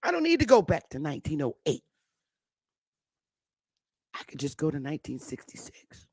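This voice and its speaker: A man with a fairly high voice reads a document aloud, then shifts into a taunting, confrontational rant. He sounds dry and close, with no room around him. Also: husky, dry recording. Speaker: host.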